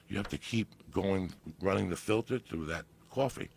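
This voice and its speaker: A man telling a story in casual chat, animated and profane, with loud bursts of emphasis. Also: low voice, moderate pace, creaky, hardly any pauses, a little hiss or hum. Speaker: podcast guest.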